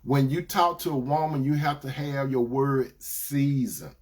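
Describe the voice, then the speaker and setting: A man's voice: medium pitch, steady tone, a little slow. A man giving Christian relationship advice in a preaching style, repeating his points and calling listeners brothers and sisters.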